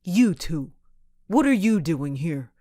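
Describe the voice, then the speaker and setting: A cold, sneering villain, read by a woman narrator, clips out curt threats with open contempt. The voice stays close to the narrator's own lowish tone, in a dry, close recording. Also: big pitch swings, slow pace, mellow, no room sound, heavily acted. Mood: menacing. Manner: sneering and menacing.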